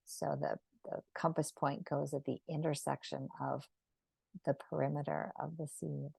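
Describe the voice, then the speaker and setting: A woman leading a live online geometry drawing lesson, speaking gently and unhurriedly and often checking in with "right?". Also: low voice, little pitch movement, normal speed, vocal fry, breathy edge, dry recording. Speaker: sacred geometry teacher.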